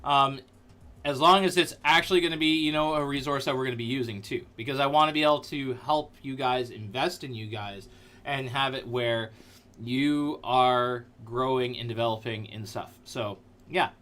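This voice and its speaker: Excitable man hosting a livestream. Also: mid-range voice, normal speed. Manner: playful, excitable, jokey with sudden loud outbursts. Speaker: livestream host. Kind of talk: casual livestream chat. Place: seated at a computer in a dim room.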